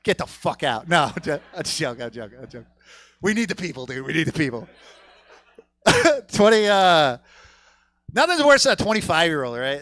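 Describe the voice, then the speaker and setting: A man's voice: fairly high pitch, sing-song, normal speed, long pauses, fairly bright tone. A man doing a stand-up comedy set on a theater stage, telling a rambling, crude story and working the crowd.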